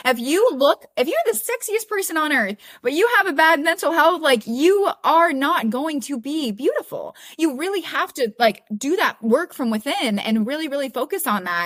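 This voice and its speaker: High-voiced earnest young woman. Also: very animated, moderate pace, few pauses, fairly bright tone. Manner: earnest, emphatic self-encouraging. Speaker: podcast guest. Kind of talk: candid casual interview talk.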